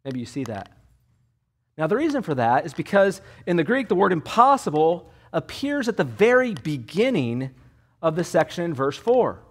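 A man's voice: on the high side, sing-song, normal speed. A man preaching an expository sermon as pastor, emphatic and repeating key words for weight, with a Californian English accent.

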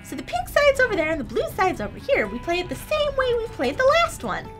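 Bubbly woman host for a kids' game video, very high voice that swoops up and down. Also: huge pitch swings, quick pace, over music. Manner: bubbly, exaggerated, sing-song. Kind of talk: kids' game let's-play.

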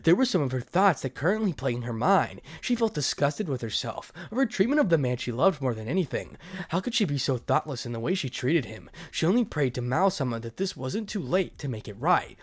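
A man's voice: mid-range voice, sing-song, brisk. A man reading a fan fiction story aloud as narrator, dramatic with the odd stumble.

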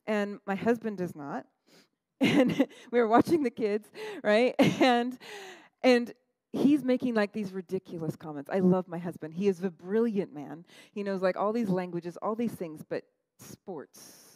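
Animated woman pastor preaching. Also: medium pitch, measured pace, no echo, poor audio. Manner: animated, conversational, frequent "right?" asides. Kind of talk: sermon.

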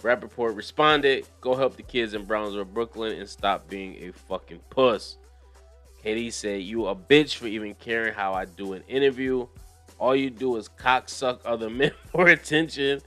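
A young man hosting a casual commentary show, reading news aloud with profane, animated riffs and frequent laughter. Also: lowish voice, moderate pace, faint music behind. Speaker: commentary channel host.

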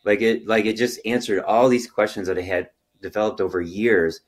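Deep-voiced man explaining with animated energy. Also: normal speed. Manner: animated storyteller, lively when excited, trailing off into quiet asides. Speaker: chiropractor and health podcast host. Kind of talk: explanatory interview talk.

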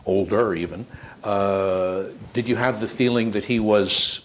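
Guy asking interview questions, kinda low voice, a little background hiss. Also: steady tone. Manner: probing, halting questions. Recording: faint background noise.

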